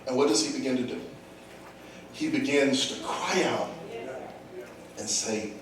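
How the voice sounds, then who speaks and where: A man preaching a sermon, calling out to his congregation and building to shouts. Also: medium pitch, unhurried, long pauses. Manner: preaches with rising shouts and call-outs to the congregation. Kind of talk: call-and-response sermon. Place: church sanctuary. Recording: echoey church, distant mic, congregation responding.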